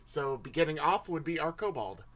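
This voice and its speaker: A man's voice: a little high, expressive, brisk, fairly bright tone. Casual man hosting a tabletop game. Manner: casual, chatty, swears. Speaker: game master, host. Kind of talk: tabletop game narration, livestream.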